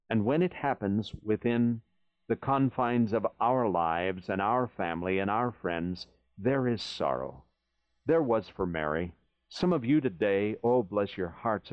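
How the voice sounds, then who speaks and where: A man's voice: medium pitch, no room sound. A man preaching a sermon in an earnest, pastoral way, speaking to the listener as a friend. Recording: dry, dull lo-fi sound.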